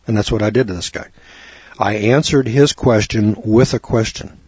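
A man telling a folksy, animated story in a lecture, acting out both sides of a conversation. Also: fairly low pitch, moderate pace, slightly rough, no room sound, highs cut off. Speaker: speaker on law and scripture.

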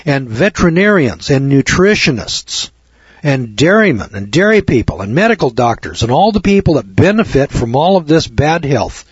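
A husky-voiced man lectures a room, reading passages aloud and then hammering his points home with preachy, mocking asides. The sound is dry and close, with no room around it. The recording is dull and lo-fi, its highs rolled off. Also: sing-song, normal speed, no room sound.

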